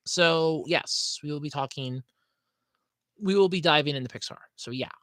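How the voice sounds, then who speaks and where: This is a podcast host chatting on a livestream in a loose, rambling way, apologizing and venting. The voice sits in a middle pitch, and the recording is close and dry with no room sound. The talk keeps wandering and restarting. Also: moderate pace, fairly bright tone, dry recording. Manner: rambling, scatterbrained; apologetic, frustrated rant. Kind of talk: casual livestream chat.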